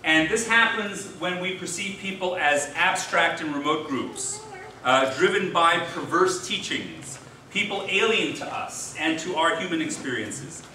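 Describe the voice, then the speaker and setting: Rabbi speaking in an echoey hall. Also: male voice, a little high, lively intonation, measured pace, pushed and bright. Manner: folksy storyteller, does voices in a joke. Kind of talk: speech at an interfaith dinner. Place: large hall. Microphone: distant mic. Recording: echoey hall from far off, noisy.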